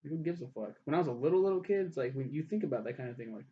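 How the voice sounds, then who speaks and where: A man's voice: on the high side, lively intonation, racing, a little hiss or hum. A young man casually reviewing a TV show, rambling and ranting with lots of swearing. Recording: dull lo-fi recording.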